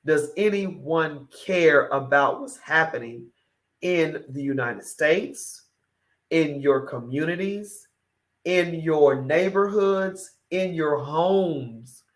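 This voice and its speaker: Slow, emphatic woman talk show host. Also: deep voice. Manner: emphatic, repetitive, rhetorical questions. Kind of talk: opinionated talk show monologue.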